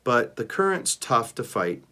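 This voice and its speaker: A man voicing a gentle male gorilla who speaks slowly and deliberately. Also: medium pitch, big pitch swings. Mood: calm. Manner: slow, deliberate.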